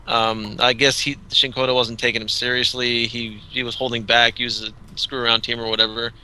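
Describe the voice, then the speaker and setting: A man hosting a casual gaming podcast, telling rambling, animated stories full of restarts. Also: mid-range voice, brisk, smooth, poor audio. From Southern California. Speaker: podcast host. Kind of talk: casual chat.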